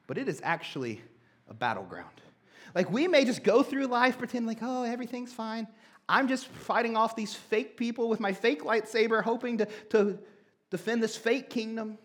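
A young male pastor preaching with a high, light voice. He talks to the church in a loose, joking way, full of asides, then drops into slow, weighty lines. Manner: casual, joking, conversational preaching. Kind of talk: sermon.

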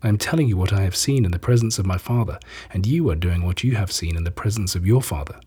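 A man reading scripture, giving Jesus's lines in a measured, solemn way. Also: low voice, warm tone, husky. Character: Jesus, a calm, authoritative teacher, adult man.

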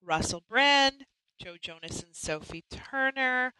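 A woman's voice: high-pitched, lively intonation, takes it slowly, sharp tone, clean tone, no room sound, rough recording. A woman hosting a live chat show, talking casually and chattily, often restarting and apologizing. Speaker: host.

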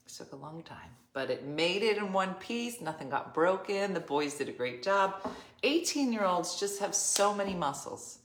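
Lively low-voiced woman telling a story. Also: normal speed. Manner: animated, laughs often, acts out quoted people. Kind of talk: casual storytelling chat. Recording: roomy echo.

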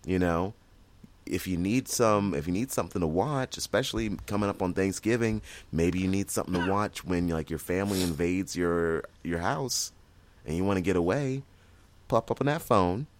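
Speaking at a moderate pace in a deep voice, this man co-hosts a podcast in a casual, enthusiastic chat. He rambles, piling on fillers and frequently restarting his sentences.

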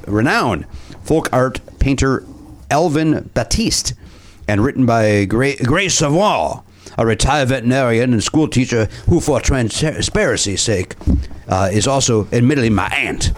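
A podcast co-host reading a fan's letter aloud in a put-on Cajun accent, halting now and then. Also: male voice, medium pitch, animated, close to an everyday voice.

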